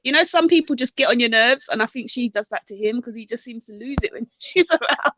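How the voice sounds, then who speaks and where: Bright, lively woman, high voice. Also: a little fast, dry recording. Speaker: panel guest. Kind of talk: casual live-stream panel chat. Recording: slightly muffled call audio.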